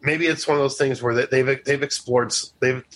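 A man's voice: medium pitch, steady tone, moderate pace, fairly bright tone, poor audio. A man co-hosting a podcast in casual chat. He rambles, restarts often, and laughs easily. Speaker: podcast co-host.

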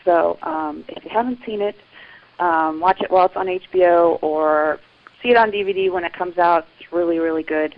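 A woman's voice: lowish voice, moderate pace. A woman caller leaving a chatty, rambling voicemail over a phone line. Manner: chatty, rambling with many ums. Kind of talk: voicemail message.

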